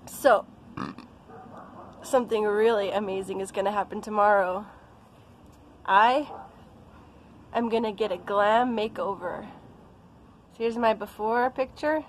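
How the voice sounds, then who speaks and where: A woman's voice: mid-range voice, measured pace, pauses often, slight background noise, low-quality recording. A young American woman talking casually in a vlog, chatty and playful. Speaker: vlogger.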